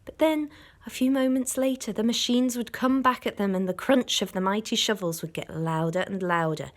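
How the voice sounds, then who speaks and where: A woman, a primary school teacher, reading a storybook aloud to children in an expressive way, stopping to explain words. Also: medium pitch, moderate pace.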